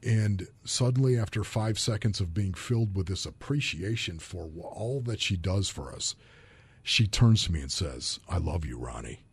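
Telling candid personal stories on a podcast, this Buffalo, New York native and former football player comes across as earnest and emotionally open. His lowish voice is expressive and slightly rough, moving at a moderate pace.

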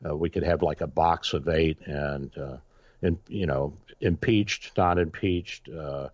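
A deep-voiced man hosts a casual radio talk show and rambles through long stories, full of fillers and restarts. The sound is dry and a little dull, like lo-fi radio. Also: steady tone, measured pace, no room sound. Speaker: radio show host, doctor.

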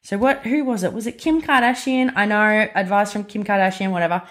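A woman in her twenties with an Australian accent talks through a casual solo podcast. She is chatty and emphatic, with lots of fillers and self-corrections. Her voice sits at an ordinary middle pitch for a woman. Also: brisk, fairly bright tone. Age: 20s. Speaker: podcast host.

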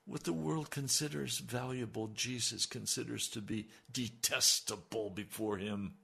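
A man's voice: mid-range voice, unhurried, gravelly, bright, forceful tone, slightly rough. A preacher praying aloud during a sermon, pleading and fervent, repeating his cries again and again. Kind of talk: spoken prayer in a sermon.

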